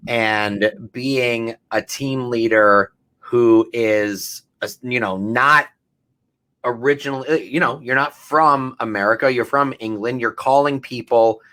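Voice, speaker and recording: A man's voice: mid-range voice, a little slow, pushed and bright. A man hosting a casual podcast chat, talking in a loose, rambling way with lots of fillers. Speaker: podcast host.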